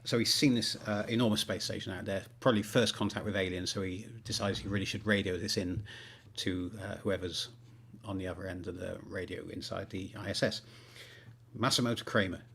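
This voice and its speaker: A man's voice: deep voice, level tone, a little fast, vocal fry, a bit bright, slight background noise. A male author on a livestream, rambling with many fillers, talking about writing and then reading aloud.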